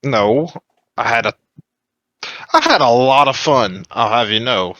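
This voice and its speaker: Playful male tabletop player with an animated voice. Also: medium pitch, measured pace, dry recording, lo-fi sound. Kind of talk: tabletop role-play.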